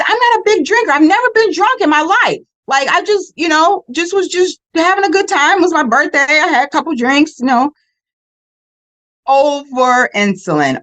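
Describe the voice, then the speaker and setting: A woman in her fifties, a podcast guest, telling her stories in an animated way and repeating words for emphasis. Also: on the high side, rough recording. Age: 50s. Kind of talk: casual conversation.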